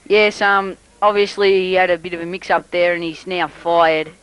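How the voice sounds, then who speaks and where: A man's voice: high-pitched, flat delivery, normal speed, a bit bright, clean tone, poor audio. A man improvising comedic sports commentary, jokey and hesitant, muddling names with plenty of fillers.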